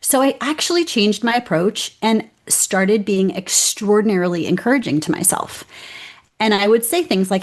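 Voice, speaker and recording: A middle-aged woman speaking as an interview guest, lively and expressive, slipping into little acted voices as she tells her story. Her pitch sits in an ordinary middle range. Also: moderate pace. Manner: animated, acts out inner voices. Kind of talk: conversational interview.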